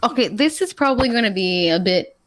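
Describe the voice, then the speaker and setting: A woman's voice: medium pitch, lively intonation, brisk, a bit bright, no echo. A woman guest on a live streamed chat show, talking candidly and laughing easily. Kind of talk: casual chat. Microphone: streaming mic.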